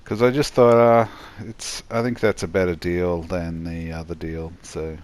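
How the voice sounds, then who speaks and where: A tired man giving a rambling, halting voice-over commentary on his own gameplay, yawning as he goes. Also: sits low, fairly even intonation, a little mellow. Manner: rambling, halting, many restarts and fillers.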